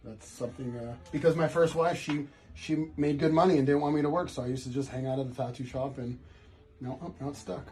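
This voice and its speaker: A man's voice: mid-range voice, steady tone, a little fast, warm tone. A man in his forties, a tattoo artist, chatting casually and telling a rambling story with many restarts while he works.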